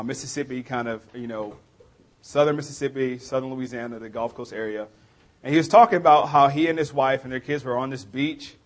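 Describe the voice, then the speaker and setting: A pastor with a New Orleans accent delivers a sermon in a chatty, story-driven manner. His voice sits at an ordinary middle pitch for a man, neither deep nor high. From New Orleans area, USA. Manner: conversational storytelling preacher.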